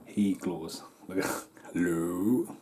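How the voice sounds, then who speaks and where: A man rambling through casual vlog outtakes at home, telling stories in an excitable way with some swearing. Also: sits low, slow, a little hiss or hum. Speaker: vlogger. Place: home, partly in the attic.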